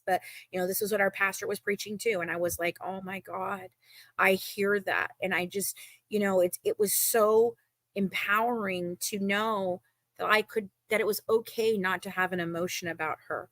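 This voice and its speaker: A woman's voice: medium pitch, no echo. Emphatic woman in casual chat. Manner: emotional, emphatic, repeats herself.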